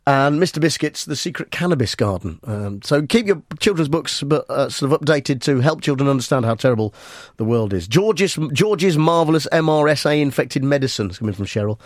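A man hosting a comic radio talk show, speaking in a dry, halting way with many fillers. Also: mid-range voice, expressive, dry recording.

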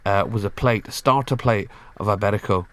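A man's voice: fairly low pitch, a little fast, a bit bright. Joking Glaswegian man hosting radio. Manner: joking, teasing, playful. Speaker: radio host. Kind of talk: casual studio chat. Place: radio studio.

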